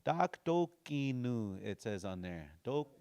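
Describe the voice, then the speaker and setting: Male language teacher, mid-pitched voice, relaxed and folksy, slowly drills phrases aloud. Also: clear, resonant tone. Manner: casual, folksy explanations. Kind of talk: language class.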